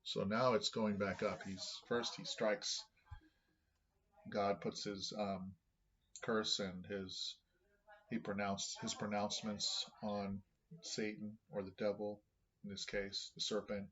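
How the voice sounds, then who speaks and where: A man reading scripture aloud on his vlog and thinking out loud about what it means. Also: fairly low pitch, little pitch movement, takes it slowly, muffled recording. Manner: thinking aloud, with many restarts.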